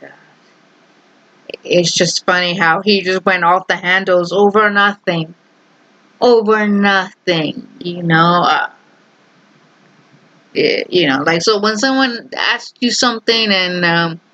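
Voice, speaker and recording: A woman's voice: medium pitch, a little slow, pauses often, sharp tone, dry recording, dull audio. A young adult woman vlogger telling a family story in a casual, rambling, amused way.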